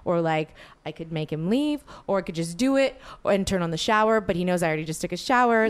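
A young woman in casual conversation, spinning a long, animated story with many fillers and quoted lines. Her voice is smooth and clear, and her pitch sits in the middle of the range. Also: fast talker, few pauses. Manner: rambling, animated, filler-heavy retelling.

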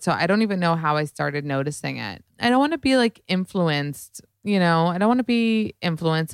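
A woman's voice: low-pitched, clean tone, no room sound. A woman hosting a solo podcast in casual chat, rambling with lots of "like" and "you know", on a close mic. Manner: chatty, rambling, many likes and you-knows. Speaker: podcast host.

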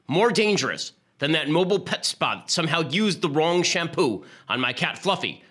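A self-important male TV pundit in full grandstanding mode, played by a man doing a comic impression. He declaims every line as a melodramatic pronouncement. The tone is bright and forceful. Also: on the high side.

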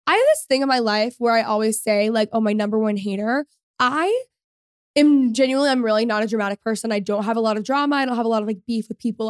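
A woman's voice: a little high, dry recording, studio quality. A woman in her twenties hosting a solo podcast, chatting casually and rambling with lots of fillers. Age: 20s. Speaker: podcast host.

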